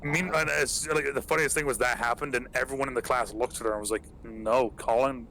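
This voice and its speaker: A man's voice: mid-range voice, fairly even intonation, quick pace, sharp tone, a little hiss or hum, poor audio. Young man chatting, cursing freely. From England. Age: young adult. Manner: profane, rambling storyteller with many fillers. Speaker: podcast host. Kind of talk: casual chat.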